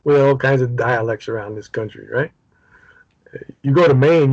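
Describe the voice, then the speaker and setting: A man's voice: medium pitch, normal speed, a little mellow, no room sound. A man with a New York accent leading a casual Bible study over a video call, chatty and joking, with lots of fillers. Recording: dull video-call audio.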